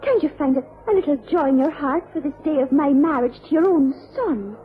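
An actress playing a torn young Irish bride close to tears, in old-time radio drama with an Irish accent, on a tinny old recording with faint hiss. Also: female voice, high voice, animated, fairly quick. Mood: tearful.

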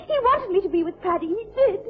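An actress voices a young Irish bride in a vintage radio play, torn and tearful. Her voice sits very high. It comes through a tinny, narrow line with a faint hiss. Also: animated, quick pace. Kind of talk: old-time radio drama acting.

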